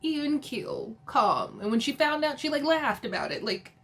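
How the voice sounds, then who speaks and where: A woman's voice: high-pitched, very animated, moderate pace, fairly bright tone, a little hiss or hum. Giggly chatty woman recapping reality TV. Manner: chatty, giggly, filler-heavy. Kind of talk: casual episode recap.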